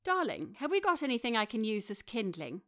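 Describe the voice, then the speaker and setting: A man's voice: sits high, wildly swooping pitch, a little fast, fairly bright tone, heavily acted. A polished, earnest middle-aged Englishman, as a woman reading aloud voices him. His voice is mild and slightly raised above the narration. It is an audiobook reading.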